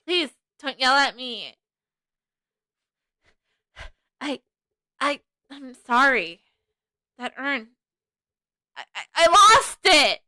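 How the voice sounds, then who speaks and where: A woman's voice: high-pitched, very animated, slow pace, pauses often, pushed and bright, no room sound, heavily acted. A woman voicing a timid, weepy grown-man thief who stammers and keeps taking back what he says, in a fan reading of a video game. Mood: frightened. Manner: stammering, constantly backtracking.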